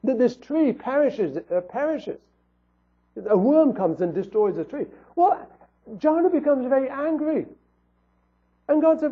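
Man preaching, earnest, rhetorical questions, high voice, tinny phone-like audio. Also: expressive, unhurried. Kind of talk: sermon.

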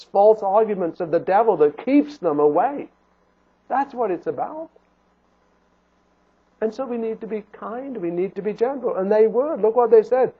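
A man's voice: high-pitched, slightly rough. A man preaching a sermon in an earnest, pleading way, asking rhetorical questions and restarting phrases. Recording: phone-like narrow band.

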